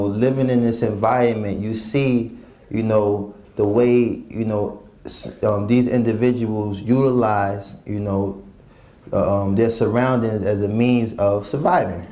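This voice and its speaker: A man recounts his story in a laid-back, reflective manner, peppering it with fillers. His voice is lowish and mellow. It carries a roomy echo with faint ambience behind it. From New York City. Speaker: guest, former rap artist.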